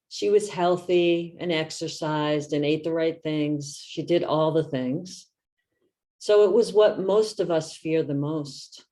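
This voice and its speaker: A woman in her fifties, a meditation teacher, giving a reflective talk in a gentle, soft-spoken way. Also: deep voice.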